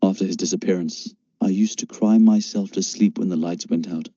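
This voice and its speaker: A man narrating a story in first person with steady storytelling, in a dull, dry lo-fi recording. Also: sits low, a little fast, breathy edge, dry recording. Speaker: audiobook narrator.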